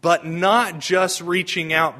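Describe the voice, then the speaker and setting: Bright-voiced man preaching a homily. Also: sits high, fairly even intonation, slow. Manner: conversational preaching, asks the congregation questions. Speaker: priest.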